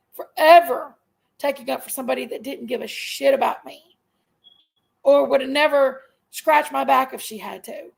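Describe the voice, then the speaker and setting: Gravelly, high-voiced woman venting. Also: poor audio. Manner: aggrieved, emphatic venting, repeats herself. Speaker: livestream host. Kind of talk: casual live-stream rant.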